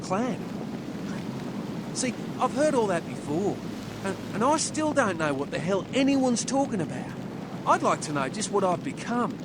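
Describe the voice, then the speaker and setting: A rough, slangy young Australian surfer vampire in a video game. He sounds worn out and fed up. His lines sit under loud background noise. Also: sits high, big pitch swings, measured pace. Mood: bitter. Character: weary young male surfer turned vampire.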